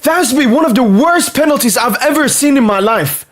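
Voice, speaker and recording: A young man hosting a live football watchalong, reacting loudly and swearing at the match. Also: very high voice, brisk. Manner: excitable, swears and shouts at the screen.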